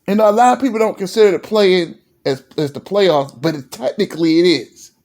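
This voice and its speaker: A sports commentary vlogger from Virginia, USA, rants with fired-up energy, repeating himself and stumbling over restarts. At times he drops low and gets emotional. He talks a little fast, with a darkish tone.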